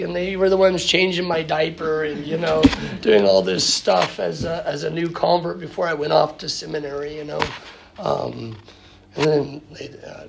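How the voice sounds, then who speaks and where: A male priest speaks in an interview in a gravelly, creaky voice, stopping and restarting his sentences often. The recording carries a clear layer of background noise. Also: on the high side. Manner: halting, many fillers and restarts. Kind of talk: interview conversation.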